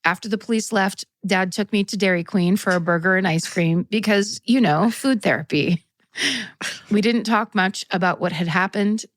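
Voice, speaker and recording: A woman's voice: medium pitch, normal speed, no echo. A woman co-hosting a podcast, reading a listener's story in an earnest, reflective manner. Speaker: podcast co-host.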